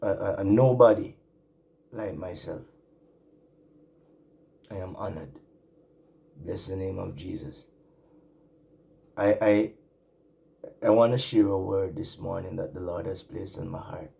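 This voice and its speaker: A man from the Caribbean islands preaching an online sermon, slow and drawn out, repeating his phrases. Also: low-pitched, gravelly, dark tone.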